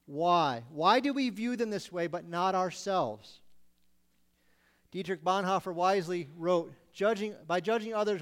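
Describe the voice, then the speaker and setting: Male preacher with a high-pitched voice, delivering a sermon that swings into loud acted-out pleas. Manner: acts out pleading voices with sudden loud bursts.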